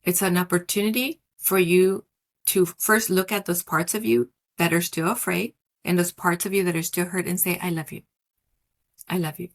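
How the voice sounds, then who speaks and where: Soft-spoken woman coach, low voice. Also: fairly even intonation. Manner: soft, slow, affirming cadence with repetition. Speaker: wellness coach, podcast guest. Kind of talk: guided reflection and coaching talk.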